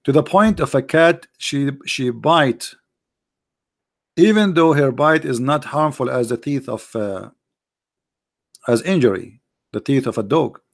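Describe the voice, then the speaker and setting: A man's voice: medium pitch, lively intonation, a little slow, creaky, pauses often. A man giving sarcastic, argumentative commentary in broken English grammar. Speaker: religious debater. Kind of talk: mocking commentary.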